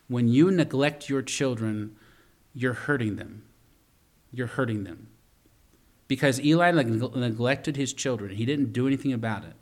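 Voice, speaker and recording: A man delivering a sermon as the pastor, with a voice of middling pitch. He switches from loud, emphatic storytelling to quiet asides to the congregation, and repeats words and restarts lines as he goes.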